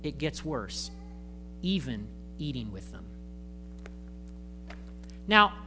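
A male pastor giving a conversational, animated sermon in church, acting out voices. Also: mid-range voice, slow pace, over music.

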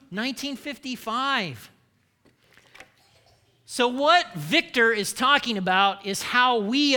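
Heard through long hall reverb, a man from the United States pastors his congregation with a chatty sermon full of jokes and teasing. His voice sits high, pushed and bright, with a clean tone.

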